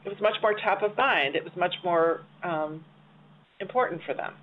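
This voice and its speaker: A woman's voice: fairly low pitch, moderate pace. A woman hosting a webinar interview, conversational and asking follow-up questions. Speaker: webinar host. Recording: tinny phone-like line with faint hiss.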